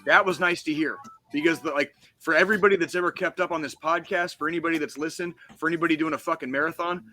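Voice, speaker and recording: Man, podcast co-host, bright forceful tone, fast swearing rants, music faint behind. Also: on the high side, fairly even intonation. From United States. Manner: profane, heated ranting. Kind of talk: casual podcast chat.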